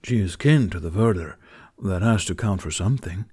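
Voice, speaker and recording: A man's voice: deep voice, lively intonation, moderate pace, mellow, husky. A man reading the part of a male dragon companion in an audiobook, teasing in a dry, matter-of-fact way.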